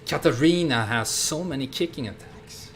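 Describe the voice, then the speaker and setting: A man's voice: medium pitch, expressive, moderate pace. Rambling man streaming a game, noisy audio. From Sweden. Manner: rambling, chatty. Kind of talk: casual gameplay commentary.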